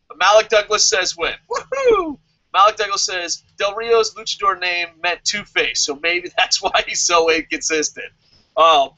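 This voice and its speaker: A man's voice: sits high, pushed and bright, lo-fi sound. A man giving a casual, profane, joking rant as a show reviewer and reading viewer comments aloud. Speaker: wrestling review vlogger.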